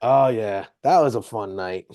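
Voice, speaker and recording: A man's voice: on the low side, a little slow, mellow, no room sound. A man who is a podcast guest, talking casually and loosely with plenty of swearing. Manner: profane, rambling. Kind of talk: casual chat.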